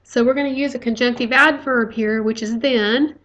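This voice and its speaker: A woman delivers a recorded grammar lecture in a slightly high voice. She explains patiently and step by step, often pausing on "okay" and "uh" as she goes. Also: steady tone, fairly bright tone, dull audio. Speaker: teacher.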